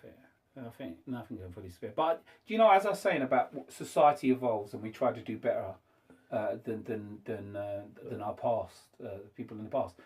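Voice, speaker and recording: A man hosting a casual debate, talking haltingly with frequent restarts and fillers. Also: on the low side, animated, a little mellow. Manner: hesitant, halting speech with many restarts.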